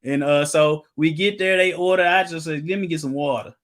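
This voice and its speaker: A man preaching informally, reading quotations aloud and telling personal stories, with loud emphatic outbursts. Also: fairly high pitch, brisk. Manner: casual, storytelling, breaks into loud emphatic outbursts.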